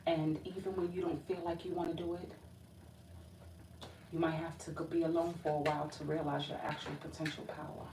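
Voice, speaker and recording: A woman's voice: sits low, level tone, a little fast. A woman giving a casual tarot reading, uneasy and feeling weak, often breaking off and restarting. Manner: emotional, uneasy, talks to spirit and viewers, restarts often. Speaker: tarot reader. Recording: roomy echo from a distance with background noise.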